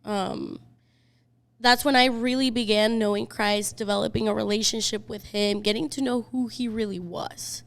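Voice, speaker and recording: Young woman, podcast guest, slightly high voice, chatty storytelling. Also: fairly even intonation, vocal fry. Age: 20s. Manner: chatty, quick storytelling with many fillers. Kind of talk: casual chat.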